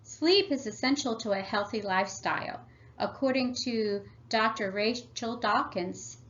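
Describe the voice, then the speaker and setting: A woman at an ordinary pitch reads a scripted parenting workshop in a measured, teacherly manner. The recording is slightly dull and lo-fi. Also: fairly bright tone. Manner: measured, instructive reading. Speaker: family workshop presenter. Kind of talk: scripted read-aloud presentation.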